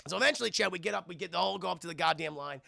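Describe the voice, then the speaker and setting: Young man streamer, casual film review, animated profane storytelling, very gravelly voice, dry sound. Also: high voice, very fast, no echo. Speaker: streamer host.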